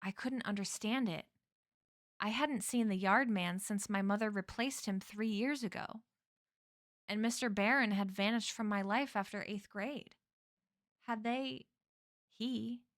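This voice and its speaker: A woman's voice: medium pitch, no echo. A woman reads a novel aloud for her stream, taking her time over each sentence. Her voice sits mid-range and sounds close and dry, with no room around it. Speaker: streamer reading a book aloud.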